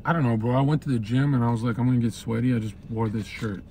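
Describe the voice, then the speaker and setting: A man's voice: medium pitch, fast talker, dark tone, slight background noise. A man streaming from a parked car, chatting casually with his viewers in a crude, rambling, joking way.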